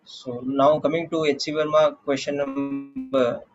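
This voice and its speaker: A man with an Indian English accent teaching a physics class, explaining slowly and checking in with "okay" often. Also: medium pitch, level tone, dull audio, faint music behind. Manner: slow, deliberate explaining with frequent "okay" checks. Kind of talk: classroom lecture.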